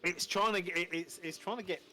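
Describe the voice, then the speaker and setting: A man co-hosting a casual chat while painting miniatures, talking haltingly with many restarts. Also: sits high, sharp tone. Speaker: co-host.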